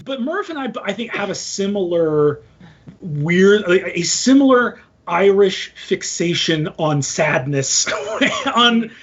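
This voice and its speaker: A man in casual chat who talks haltingly, searching for his words. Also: high-pitched, big pitch swings, a bit bright, slightly rough, dull audio.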